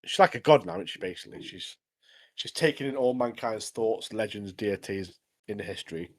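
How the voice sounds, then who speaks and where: A man co-hosting a casual anime podcast, retelling scenes in an animated, chatty way. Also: on the low side, fairly quick. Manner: chatty, says "mate" constantly, animated retelling. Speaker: podcast co-host. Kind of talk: casual anime review chat.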